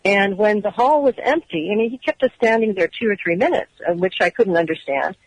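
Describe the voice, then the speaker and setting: Woman radio guest, earnest storyteller, mid pitch, dry phone sound. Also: fairly quick, dry recording, rough recording. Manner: earnest, detailed storyteller who acts out quoted dialogue. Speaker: radio guest, former agency employee. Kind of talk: telling her story in a radio interview.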